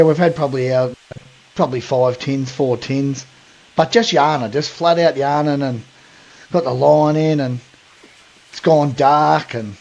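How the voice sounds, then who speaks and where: A man's voice: on the high side, darkish tone, dull audio. An Australian man hosting a podcast, telling a long story in a rambling, slangy way full of fillers. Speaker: podcast host. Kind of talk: casual storytelling.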